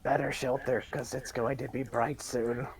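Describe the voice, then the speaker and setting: A man playing a tabletop game describes his character's moves in a plain, direct way. His voice sits at an ordinary middle pitch. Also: flat delivery, moderate pace, slight background noise. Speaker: player.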